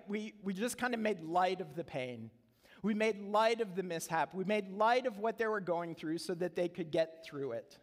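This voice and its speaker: A pastor with a high-sitting voice delivers a sermon in a church sanctuary, earnest and conversational, leaning on emphatic repetition. The long reverb of the church hall rings around his words.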